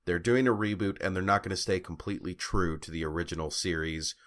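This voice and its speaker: A man's voice: deep voice, quick pace, fairly bright tone. A young man co-hosting a podcast, rambling casually with fillers, restarts and frequent laughs. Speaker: podcast co-host. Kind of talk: casual chat.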